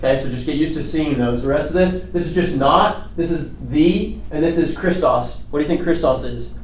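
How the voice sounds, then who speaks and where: A man's voice: fairly high pitch, fairly quick, a little hiss or hum. Casual man teaching a Bible class. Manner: conversational, asks questions, often says "okay". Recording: echoey room.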